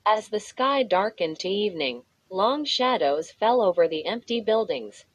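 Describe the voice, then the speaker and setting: A woman narrating a spooky children's story in a measured, steady reading voice. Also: medium pitch, no room sound, low-quality recording. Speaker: audiobook narrator.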